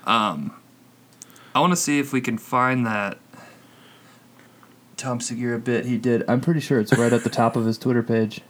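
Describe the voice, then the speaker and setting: Guy cohosting a podcast, teasing his buddy, laughs a lot, mid-pitched voice. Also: steady tone, moderate pace, long pauses, a bit bright. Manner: joking, teasing, laughs often. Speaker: podcast co-host. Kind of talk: casual chat.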